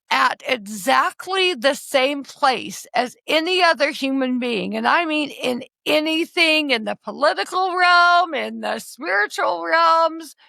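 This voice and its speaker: A woman in her forties hosts a podcast conversation, her voice high and bright with a gravelly fry running through it. She speaks earnestly and with passion, pressing her points with emphatic appeals. The sound is dry and close, with no room around it. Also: no room sound. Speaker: podcast host.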